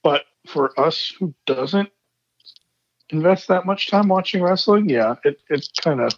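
A relaxed man talking on a podcast, his voice a little higher than most. The sound is dry and slightly dull, as if from a lo-fi mic. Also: a little slow, dry recording. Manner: relaxed, asks follow-up questions. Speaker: podcast co-host. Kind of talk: casual wrestling talk.

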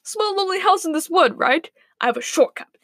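A woman's voice: extremely high pitch, animated, fairly quick, a bit bright, no echo, studio quality, voice pushed up. A woman voicing a sheepish, pleading male wolf with allergies in a spoken story.

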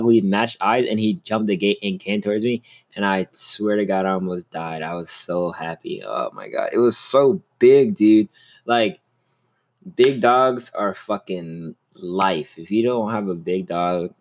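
A man's voice: fairly low pitch, darkish tone. A young man hosting a solo podcast, rambling in a casual, upbeat way and swearing a lot. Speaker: podcast host.

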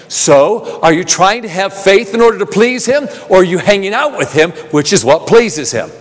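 A man preaching a sermon, asking rhetorical questions and repeating phrases, building from soft talk to emphatic calls. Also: high-pitched, animated, normal speed, few pauses. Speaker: pastor. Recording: long reverb of a large hall.

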